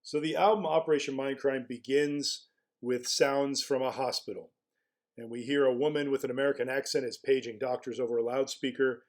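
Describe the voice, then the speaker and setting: A man's voice: medium pitch, fairly even intonation, a little fast. A man talking through his ideas in casual spoken commentary as a blogger. He muses aloud, asks rhetorical questions and often restarts his phrases.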